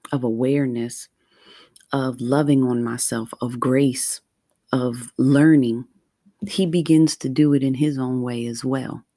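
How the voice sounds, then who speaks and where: A woman in her forties talking earnestly and slowly in a heartfelt personal monologue. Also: very deep voice, dark tone, no room sound. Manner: earnest, heartfelt, slow and deliberate. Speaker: vlogger.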